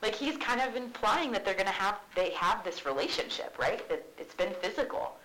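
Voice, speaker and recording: A woman's voice: medium pitch, lively intonation, moderate pace, fairly bright tone, rough recording. A woman teacher giving a casual, chatty classroom explanation, full of "like"s, in a classroom.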